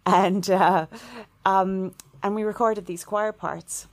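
A woman's voice: mid-range voice, slow. A middle-aged woman from Ireland, a composer, telling stories in an interview and acting out quoted voices. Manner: animated, acts out quoted voices with laughs. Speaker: composer guest. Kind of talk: storytelling interview answer.

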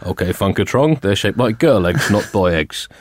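A man doing a deadpan, bumbling husband. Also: lowish voice, pitched below the performer's own voice. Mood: defensive. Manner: slow, deadpan, self-justifying.

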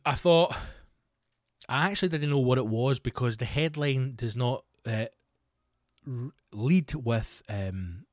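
A man's voice: mid-range voice, dry recording, studio quality. A Scottish man hosting a podcast, ranting in a sweary, sardonic, casual way. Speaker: podcast host. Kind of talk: casual comedic rant.

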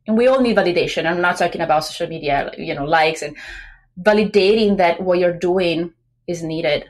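A pregnant woman talking as a guest on a business podcast, chatty and lively, acting out quoted remarks between many fillers. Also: on the low side, fairly quick. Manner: animated, acts out quoted voices, many fillers. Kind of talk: casual interview talk.

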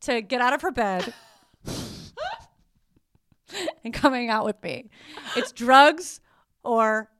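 A woman's voice: on the high side, sing-song, extremely slow, long pauses, a bit bright. A young woman hosting a podcast, chatty and gushing as she thanks her guest and jokes with listeners. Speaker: podcast host. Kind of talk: casual podcast chat.

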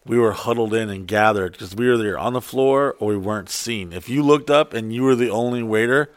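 A man with a lowish voice tells stories briskly in casual chat, swearing often and animatedly acting out the people he quotes. There's no echo.

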